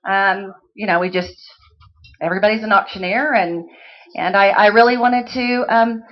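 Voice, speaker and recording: A woman from Texas, an auctioneering student who chats about herself and then calls bids in a quick rising chant. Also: steady tone. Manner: rapid chant of bids, rising high and loud. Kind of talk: live auction calling. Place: auction hall, live audience. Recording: dull lo-fi sound.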